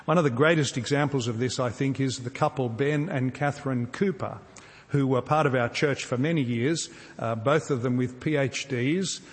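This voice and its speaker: A man preaching in an earnest, measured way, pausing on rhetorical questions. His voice sits at an ordinary middle pitch. The sound carries a long reverb, as in a large church hall. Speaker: pastor. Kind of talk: sermon.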